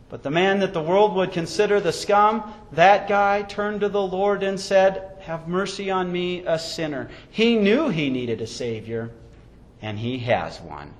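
A pastor delivering a sermon and closing prayer, preaching emphatically with sweeping rises and falls. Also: male voice, high voice.

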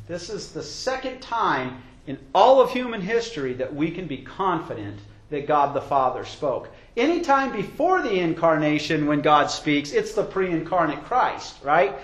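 Animated man preaching in an echoey hall. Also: high-pitched. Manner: emphatic, swells loud when quoting scripture. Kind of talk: sermon. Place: church hall with a congregation.

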